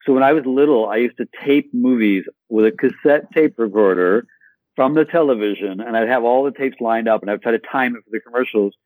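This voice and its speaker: Animated, playful man telling stories. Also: medium pitch, a little fast, no room sound, rough recording. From Michigan, USA. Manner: animated storyteller, playful acted-out asides. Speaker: guest actor. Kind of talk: podcast interview.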